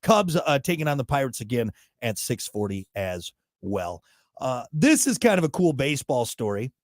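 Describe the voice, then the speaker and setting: Casual male co-host, bouncy pitch, dry close mic, jokey rambling delivery. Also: normal speed, dry recording. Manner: joking, rambling, animated. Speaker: radio show co-host. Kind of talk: casual morning show banter.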